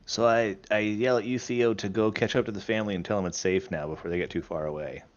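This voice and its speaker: A man playing a tabletop game, speaking in a quick, matter-of-fact way as he works out his dice rolls aloud. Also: lowish voice, steady tone, no room sound, highs cut off. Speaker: player.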